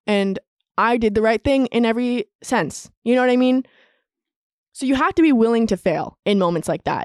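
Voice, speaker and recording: A woman's voice: medium pitch, a little mellow, dry recording, studio quality. A woman in her twenties hosting a solo podcast, chatting candidly, laughing often and saying "like" a lot. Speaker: podcast host. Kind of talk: casual solo podcast monologue.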